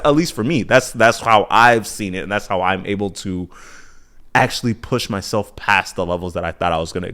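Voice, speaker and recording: A relaxed American man in his twenties, with a somewhat low voice, chats through a casual podcast monologue. He rambles, drifts into asides, and stops to fix his own words, with a sigh here and there. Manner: loose, chatty, self-correcting with sighs and asides. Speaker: podcast host.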